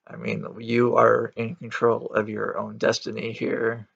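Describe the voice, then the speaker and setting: A man with a gravelly, creaky voice talks through a casual vlog, rambling and restarting as he goes, blunt and frank. The recording sounds dull and lo-fi. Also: fairly low pitch, completely flat delivery, a little slow, fairly bright tone. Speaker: Christian vlogger. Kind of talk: casual reflective vlog monologue.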